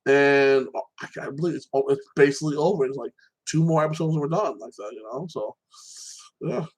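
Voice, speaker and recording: A man's voice: a little high, a little fast, a little mellow, low-quality recording. A man talking alone in a casual, rambling recap of a movie, full of fillers and restarts, swearing freely. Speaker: vlogger.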